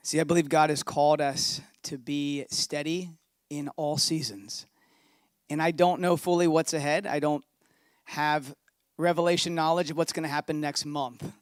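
Male pastor, thirties, slightly high voice, relaxed storytelling sermon. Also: normal speed, dry recording, clean studio sound.

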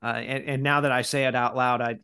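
A man's voice: medium pitch, brisk, clear, resonant tone. A man hosting a podcast, casually reading out listener questions and chatting about his week. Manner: relaxed, reads listener questions aloud. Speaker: podcast host.

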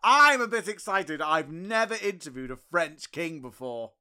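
An excitable, fussy man in a scripted comedy sketch. His voice sits high and bright, and the delivery is lively. The sound is close and dry. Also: normal speed, clean tone, dry recording. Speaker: comedy podcast regular.

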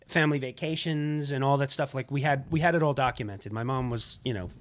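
A man's voice: medium pitch, fairly quick. Man co-host telling childhood stories. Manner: laughing, builds up to punchlines. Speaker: podcast co-host. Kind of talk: casual chat.

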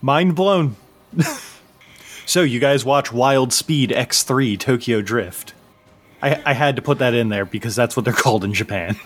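A married man hosting a tabletop game podcast, reading the outro and then chatting with his players, laughing often and quick to apologize. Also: medium pitch, faint music behind. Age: adult, married. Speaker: game master and show host.

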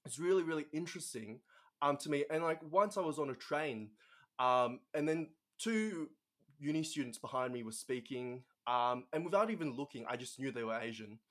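A man's voice: mid-range voice, lively intonation, normal speed, a bit bright. A young man from Australia with an Australian accent, telling a story as a guest in casual conversation, chatty with many fillers.

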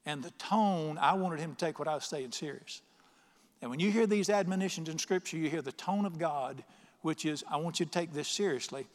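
Preacher in a reverberant hall. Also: male voice, fairly high pitch. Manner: emphatic preacher, reading scripture slowly and asking the congregation questions. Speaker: pastor. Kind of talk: sermon. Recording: long reverb of a large hall.

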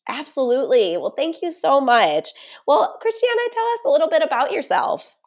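A woman's voice: sits high, big pitch swings, moderate pace. A woman hosting a podcast, welcoming her guest with enthusiasm. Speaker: podcast host. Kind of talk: conversational interview.

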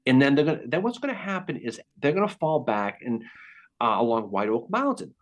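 A man hosting a podcast, telling a Civil War battle story in a casual, animated way. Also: medium pitch, a little fast. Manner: animated, acts out quotes. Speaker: podcast host.

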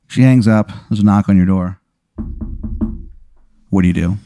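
A man's voice: on the low side, moderate pace, long pauses, warm tone, no room sound. A man running an improvised tabletop game as game master, narrating in a laid-back, rambling way with many fillers.

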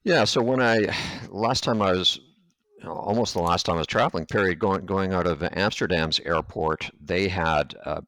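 A man's voice: low-pitched, normal speed, a bit bright, no room sound. A man from Canada hosting an interview, asking long hypothetical questions with some hesitation. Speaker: interview host. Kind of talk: casual interview chat.

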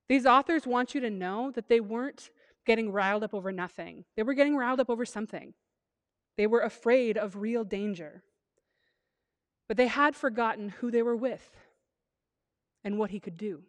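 A woman preaching a sermon, retelling scripture in a casual, lively storytelling manner with playful asides. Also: fairly high pitch, moderate pace, long pauses. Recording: long hall reverb.

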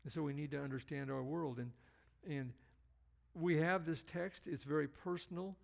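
A male preacher giving an earnest, emphatic sermon, slowing down to stress key phrases. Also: fairly high pitch, steady tone, gravelly.

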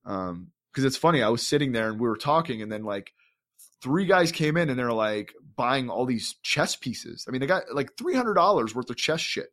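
A man's voice: medium pitch, very animated, moderate pace, a bit bright. A man co-hosting a podcast, telling an enthusiastic, rambling story in casual chat, full of fillers and restarts. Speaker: podcast co-host.

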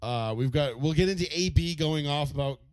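A man's voice: a little high, brisk, clean tone, no room sound. A man co-hosting a podcast, ranting animatedly and profanely in casual sports chat. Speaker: podcast co-host.

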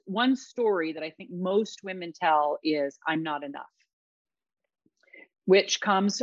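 A woman's voice: low-pitched, no room sound, dull audio. A middle-aged woman speaking emphatically and reflectively in a casual podcast conversation, often repeating her words.

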